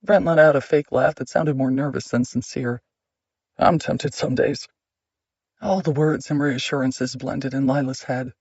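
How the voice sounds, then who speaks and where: A man narrating an audiobook in a measured, steady reading. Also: mid-range voice, no echo, dull audio.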